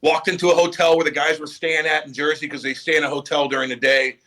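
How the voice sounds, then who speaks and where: A man's voice: on the high side, fast talker. A middle-aged man, a former pro hockey player, telling stories in a casual podcast chat, acting out quotes and swearing freely. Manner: animated storyteller, acts out quotes, swears freely.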